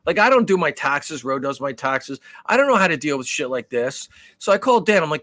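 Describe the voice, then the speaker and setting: Podcast co-host, man, profane rambling storyteller, slightly high voice, dry close sound. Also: brisk, hardly any pauses, no echo. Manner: animated, profane, rambling with restarts. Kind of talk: casual storytelling.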